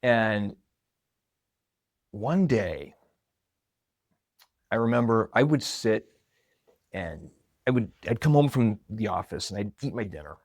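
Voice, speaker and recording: Man, lowish voice, dry close sound, conversational storytelling, reflective tone. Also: lively intonation, slow pace, long pauses, no echo. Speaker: marketing coordinator. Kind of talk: personal storytelling.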